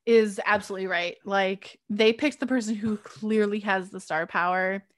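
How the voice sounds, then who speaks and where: A woman's voice: medium pitch, fairly even intonation, moderate pace. A woman co-hosting a podcast in casual chat, blunt and sarcastic, swearing freely. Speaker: podcast co-host.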